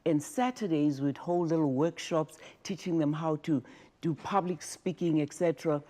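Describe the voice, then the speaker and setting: An older woman from Africa, a former talk show host telling stories in an emotional, animated way as an interview guest. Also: low-pitched, moderate pace. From South Africa. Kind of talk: interview, personal storytelling.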